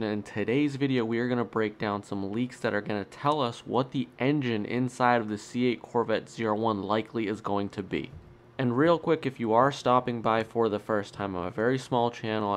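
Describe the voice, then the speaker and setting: A man hosting his own car channel, talking in an upbeat, chatty and emphatic way with a nasal voice. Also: fairly low pitch. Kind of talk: solo vlog commentary.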